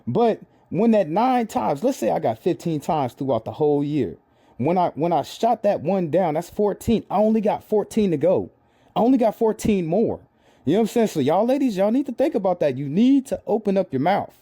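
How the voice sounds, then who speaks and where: A middle-aged man lecturing his viewers in a comedic commentary vlog. He is emphatic and preachy and hammers his points again and again. His pitch rises and falls widely from sentence to sentence. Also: sing-song, moderate pace, warm tone. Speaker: vlogger.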